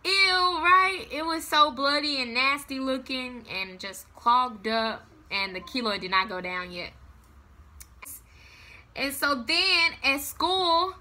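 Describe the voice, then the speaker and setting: A young adult woman telling a story to camera in a casual vlog, with dramatic, animated delivery. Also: sits high, takes it slowly. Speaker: vlogger.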